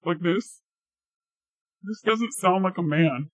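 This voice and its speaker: A woman's voice: fairly low pitch, a little slow, dry recording, poor audio. A woman streamer chatting casually and giggling while she tests a voice changer. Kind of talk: casual live-stream chat.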